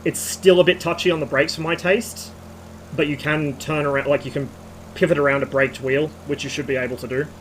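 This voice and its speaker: A slightly hoarse man streaming, giving a rambling technical rant with casual swearing. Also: a little high, steady tone, brisk, a bit bright, slight background noise, rough recording.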